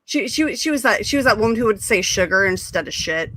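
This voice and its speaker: A woman hosting a casual live-stream chat over a video call, telling animated stories with plenty of swearing. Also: mid-range voice, fast talker, crowd noise. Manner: animated, profane storyteller.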